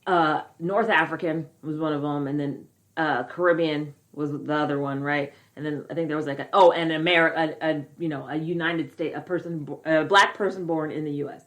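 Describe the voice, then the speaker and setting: Female co-host, slightly low voice, outspoken and incredulous, casual. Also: fairly even intonation, fairly quick, hardly any pauses. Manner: outspoken, incredulous, swears freely. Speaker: podcast co-host. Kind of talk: casual chat.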